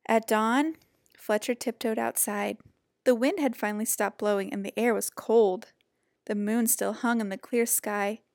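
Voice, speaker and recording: A woman reading a children's picture book aloud in a gentle, expressive storytelling voice. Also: a little high, no room sound, studio quality.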